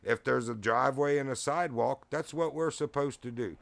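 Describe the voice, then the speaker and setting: A man's voice: medium pitch, a little fast, vocal fry, fairly bright tone. A man telling a rambling, profane story in casual chat, laughing often and getting heated as he retells it. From Virginia. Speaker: streamer.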